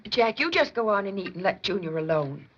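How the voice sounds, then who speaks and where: A soft pleading mom in an old movie comedy, breathy, lively pitch, muffled old sound. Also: female voice, brisk. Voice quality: gentle and pleading. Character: patient, protective middle-aged mother. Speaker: mother. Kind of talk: 1950s film comedy acting. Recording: lo-fi 1950s film soundtrack.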